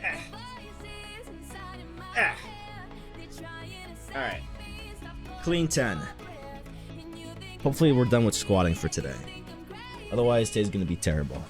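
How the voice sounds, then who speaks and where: A man's voice: on the low side, expressive, measured pace, pauses often, over music. A man streaming a game, chatting casually in a rambling, joking, self-mocking way. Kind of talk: casual live-stream commentary.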